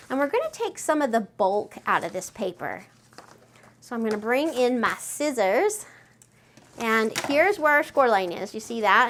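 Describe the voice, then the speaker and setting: A woman hosting a step-by-step craft tutorial, chatty and friendly, gushing with excitement over her project. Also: on the high side.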